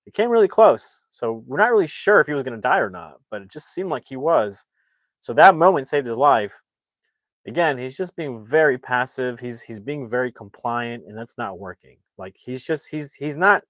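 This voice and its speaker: Animated man retelling a movie plot. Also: mid-range voice, dry recording. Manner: animated, acts out the characters' lines; rambling with frequent restarts. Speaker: movie reviewer and livestream host. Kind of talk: casual plot retelling on a livestream.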